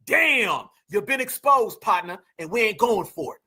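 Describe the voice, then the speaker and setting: A male host reacts to clips with mocking indignation and often speaks straight to his viewers. His voice is very high and bright, and it rises and pushes hard when he gets worked up. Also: unhurried, a little hiss or hum. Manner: mocking, indignant, animated, addresses viewers as family. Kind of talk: casual commentary on video clips.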